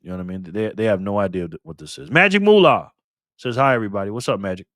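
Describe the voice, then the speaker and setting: A low-pitched man from Nevada hosts a casual live stream, talking at a racing pace. He reads the chat aloud and answers viewers in an upbeat, chatty way, in studio-quality audio with no echo.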